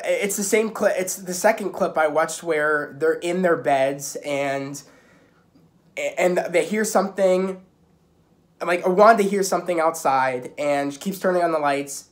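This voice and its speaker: A young man giving a casual spoken recap of a TV episode, rambling with many restarts and filler words. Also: fairly high pitch. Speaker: video reviewer.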